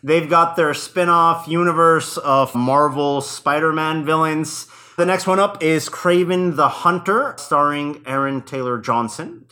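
A man co-hosting a podcast, his voice bright and pitched a little high. He talks in easygoing chat, cracking jokes and laughing often. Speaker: podcast co-host. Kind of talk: casual chat.

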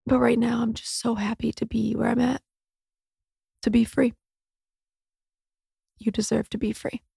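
A woman's voice: on the high side, flat delivery, unhurried, creaky, dark tone, husky, no echo, clean studio sound. A woman in her thirties hosting a solo podcast, speaking in a raw, candid, emotional way and swearing freely. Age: 30s. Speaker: podcast host.

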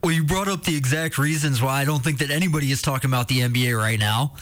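A man co-hosting a sports radio show, talking in a relaxed, conversational way. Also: mid-range voice, quick pace. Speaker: radio co-host. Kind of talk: casual sports talk.

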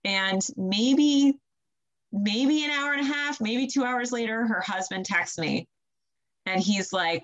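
A young woman, a student midwife, telling stories in a casual podcast interview, animated and quick to laugh. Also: fairly high pitch, lo-fi sound. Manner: animated, laughs often, acts out quotes with her voice.

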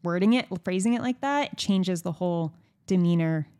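A woman's voice: lowish voice, moderate pace, warm tone, clean tone. A young woman hosting a podcast, chatting candidly and frankly, with lots of fillers and some swearing. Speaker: podcast host. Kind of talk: candid casual chat.

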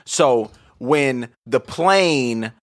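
A man's voice: mid-range voice, animated, drawn-out words. A man co-hosting a podcast, telling a story in casual, profane chat and laughing through it. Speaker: podcast co-host.

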